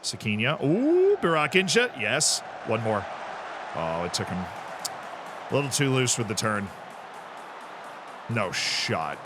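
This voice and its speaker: A man's voice: on the low side, very animated, slow, long pauses, music in the background. A man streaming a football management game, chatting casually, reacting to the match and answering his chat. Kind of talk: live gameplay commentary.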